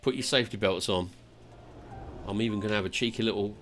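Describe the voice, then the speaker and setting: A man's voice: lowish voice, fast, a little hiss or hum. A man streaming a game live, reading character dialogue aloud and making joking asides between lines.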